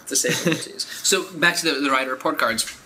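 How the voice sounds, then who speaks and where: A man's voice: a little high, fast talker, sharp tone, slight background noise, poor audio. A young man co-hosting a podcast, blunt and opinionated as he rants in casual chat. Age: young adult. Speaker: podcast co-host.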